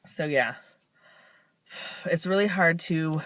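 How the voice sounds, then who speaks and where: A woman vlogger talks casually to the camera in a low voice at a slow pace, with noise in the background. Her confessional chat rambles and stays frank, broken up by tired, self-deprecating laughs.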